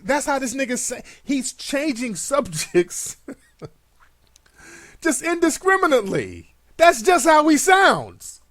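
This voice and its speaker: A man's voice: very high voice, slow pace, no echo. Mocking, profane male commentator. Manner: profane, mocking, animated, laughs often. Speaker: commentary host. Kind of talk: reaction commentary.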